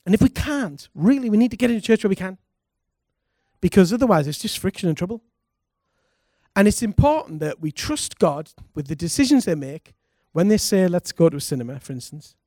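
A man, a pastor, preaching a lively sermon and calling on the congregation to respond. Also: high-pitched, a little fast, dry recording, clean studio sound. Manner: animated preaching, calls for congregation responses, laughs.

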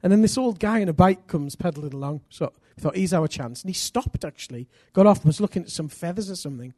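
A middle-aged man from England, preaching a sermon full of personal stories, energetic and self-deprecating with bursts of loud emphasis. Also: sits high, fast, no echo, clean studio sound.

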